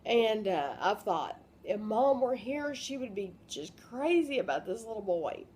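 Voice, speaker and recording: A woman in her fifties, crying as she talks in a personal vlog. She speaks haltingly, with many pauses and fillers. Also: on the high side, big pitch swings, darkish tone, a little hiss or hum. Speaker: vlogger.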